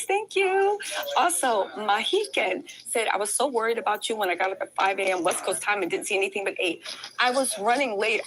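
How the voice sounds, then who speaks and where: A woman's voice: mid-range voice, sharp tone, rough recording. A woman hosting a casual livestream, chatty as she recaps a trial and reads and thanks viewer comments. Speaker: livestream host covering a trial. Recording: crowd chatter in background.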